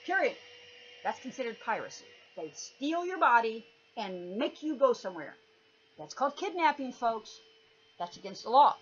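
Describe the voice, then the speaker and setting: A woman's voice: a little high, big pitch swings, moderate pace, breathy edge. A woman giving an emphatic, lecturing monologue, stressing her words. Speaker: commentator. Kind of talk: didactic monologue. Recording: dull lo-fi recording with faint noise.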